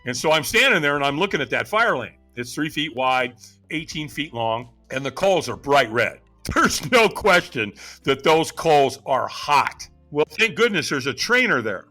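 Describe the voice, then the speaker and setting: Lively, bright-voiced male storyteller. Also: fairly high pitch, normal speed, faint music behind. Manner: dramatic storyteller who acts out quoted voices. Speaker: podcast guest. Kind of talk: animated personal storytelling.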